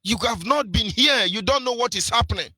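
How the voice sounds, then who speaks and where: A man's voice: extremely high pitch, fairly quick, pushed and bright, breathy edge, no room sound. A man with a Nigerian accent giving impassioned political radio commentary, preachy, firing off rhetorical questions and sing-song emphasis. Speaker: radio presenter.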